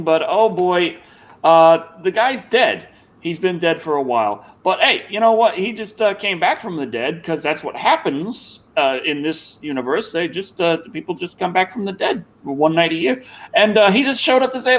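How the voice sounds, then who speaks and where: A man with a fairly high voice that swings widely up and down hosts a casual online chat show. He rambles and stumbles over restarts, and he speaks over a video call. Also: a bit bright. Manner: rambling, halting with restarts and repeated words. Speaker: show host.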